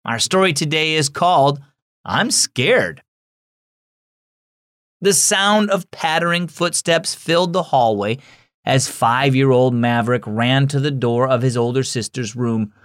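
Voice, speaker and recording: A man hosting a Christian children's devotional and reading a story aloud, gentle and expressive. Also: medium pitch, a little slow, dry recording, clean studio sound. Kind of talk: scripted narration for children.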